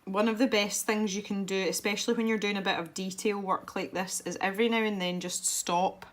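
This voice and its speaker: A woman's voice: medium pitch, fairly even intonation, fairly quick. A woman talking casually as she colours, giving chatty tutorial tips in a self-deprecating way.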